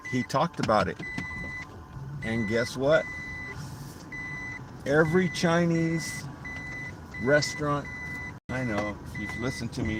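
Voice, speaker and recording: A man's voice: fairly low pitch, noisy background. A middle-aged man talking on a casual livestream, rambling, repeating himself and losing his thread.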